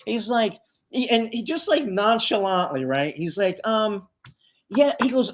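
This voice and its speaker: A man's voice: sits high, expressive, a little slow, slight background noise. Rambling man acting out quotes. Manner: rambling, full of fillers, acts out quoted lines. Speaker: tribute band leader, guest. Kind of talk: casual storytelling in a live interview.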